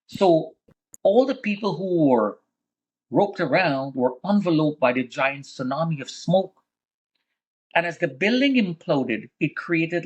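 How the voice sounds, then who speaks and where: A man with a husky, slightly raspy voice tells his own survival story as a guest. He swings from hushed, low passages to sudden loud bursts. He speaks with deep religious conviction. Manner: vivid, dramatic retelling that swings between hushed and loud. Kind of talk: emotional first-person storytelling.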